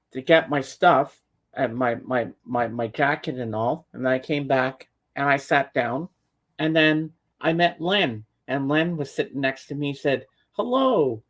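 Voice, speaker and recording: A man's voice: mid-range voice, measured pace. A man telling a long personal story in casual podcast chat, rambling with restarts and acting out what people said. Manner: rambling, acts out voices in quotes; frequent restarts and repeated words. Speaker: show regular.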